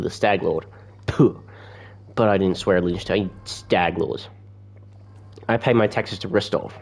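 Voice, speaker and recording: A man's voice: lowish voice, a little mellow. A man reading out a fed-up male trading-post keeper from a video game in an attempted British accent, indignant and complaining.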